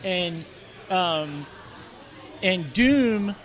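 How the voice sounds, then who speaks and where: Guy with a pretty high voice rambling in a bar podcast chat, lots of likes and ums. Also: expressive, drawn-out words, a bit bright, soft background music, some chatter behind. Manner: rambling, many fillers and restarts. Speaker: podcast co-host. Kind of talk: casual chat. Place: corner of a bar.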